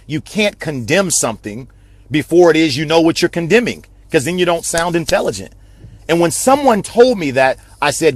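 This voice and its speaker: A man's voice: fairly high pitch, lively intonation, fairly quick, no echo. A man giving a passionate, repetitive motivational talk on a live video stream, like a preacher. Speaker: network marketing speaker.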